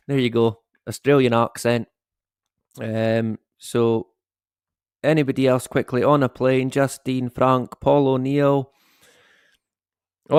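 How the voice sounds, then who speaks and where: Slow, rambling man streaming from home. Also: medium pitch, a little mellow, clear, resonant tone, no room sound, studio quality. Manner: rambling, chatty, greets viewers, chuckles often. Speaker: live-stream host. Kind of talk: casual live-stream chat. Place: at home, dog snoring behind him.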